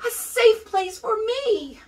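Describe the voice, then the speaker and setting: A woman voicing a small, frightened, lonely male lamb from a children's storybook, plaintive and soft. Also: sits high, big pitch swings, slow pace, far from the mic, full character voice. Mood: relieved.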